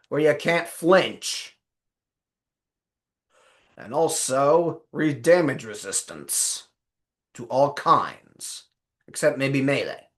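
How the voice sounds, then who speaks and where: A man talking through a video game guide in a put-on Australian accent. His pitch swings about freely while his pace stays unhurried and drawn out. He is playful and rambling, and often stops to correct himself.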